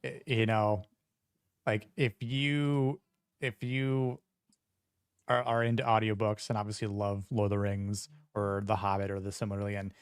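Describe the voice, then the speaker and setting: A man with a low voice chats casually on a podcast, wandering through his points with lots of fillers and restarts. The sound is dry and close. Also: level tone, normal speed, clear, resonant tone, no echo. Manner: rambling, many fillers and restarts. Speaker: podcast co-host. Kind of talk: casual chat.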